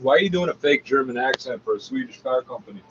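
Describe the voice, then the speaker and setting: A man's voice: medium pitch, expressive, fast, loud music behind the voice. A man ranting casually over the radio, mocking and swearing as he talks. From Canada. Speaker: commentator talking over a radio broadcast. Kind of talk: casual profane rant. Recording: dull lo-fi recording.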